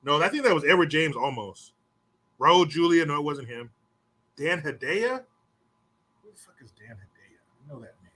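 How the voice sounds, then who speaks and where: A man's voice: on the high side, animated, a bit bright, husky. A man hosting a podcast, telling a rambling story in a casual, profane way and swearing freely. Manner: rambling, swears often, puts on quick mocking voices. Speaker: podcast host.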